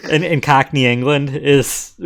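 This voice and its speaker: A man casually commenting on a game while co-streaming, making playful, deadpan asides. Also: medium pitch, slow, gravelly. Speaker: let's play co-streamer.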